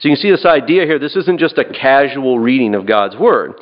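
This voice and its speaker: A man with a mid-range voice preaches a sermon earnestly and a little quickly, frequently repeating and restarting phrases and checking in with "right?". The recording is dull and lo-fi.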